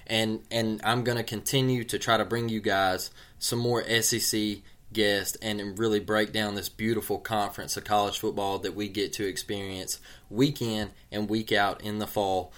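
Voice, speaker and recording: A man's voice: lowish voice, little pitch movement, moderate pace, fairly bright tone. A man hosting a casual sports podcast, laid-back and drawling, saying "man" often. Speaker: podcast host.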